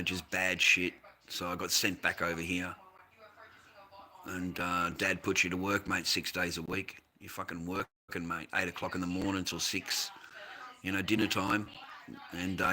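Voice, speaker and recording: A man's voice: deep voice, sharp tone. A man with an Australian accent who grew up in the United States, chatting on a livestream and answering viewers in a profane, combative way. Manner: profane, combative, swears constantly.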